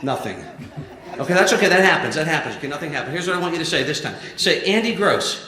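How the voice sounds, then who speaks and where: A man's voice: fairly high pitch, animated, racing, pushed and bright. A man performing a stand-up ventriloquism act on stage, playful and jokey, chatting with a volunteer from the audience. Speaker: ventriloquist comedian. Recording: roomy live venue with crowd.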